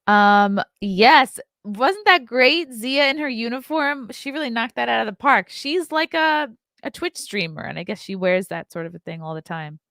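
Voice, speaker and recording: Yawning and laughing as she goes, a woman chats loosely with her viewers on a casual morning livestream she hosts as a podcast host. Her voice is a little high and a bit bright, with lively intonation at normal speed, captured in clean studio sound without room noise.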